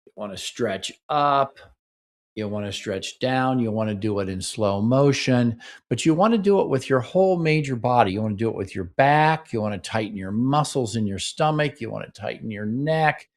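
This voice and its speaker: A man's voice: medium pitch, lively intonation, moderate pace. A man hosting a relationship show, explaining to couples in an instructional talk and checking in with "okay?" and "right?". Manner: coaching, frequent "okay?" and "right?" check-ins. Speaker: relationship therapist and podcast host.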